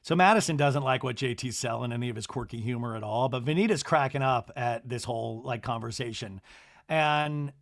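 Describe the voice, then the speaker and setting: A man hosting a solo podcast, recapping reality TV in a gossipy, animated storytelling way with quick asides. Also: mid-range voice. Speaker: podcast host.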